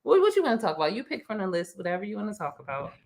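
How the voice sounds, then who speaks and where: A woman's voice: mid-range voice, racing, gravelly. A woman, co-hosting a casual podcast and telling stories with lots of fillers and restarts. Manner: rambling, animated storytelling with many fillers and restarts. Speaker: podcast co-host. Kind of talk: casual chat.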